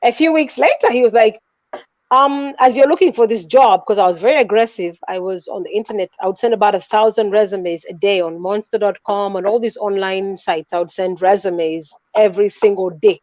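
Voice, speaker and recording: A woman, a guest on a video call who tells a personal story in a lively, emphatic way. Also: mid-range voice, a little fast, no echo, dull audio. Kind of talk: casual chat telling a personal story.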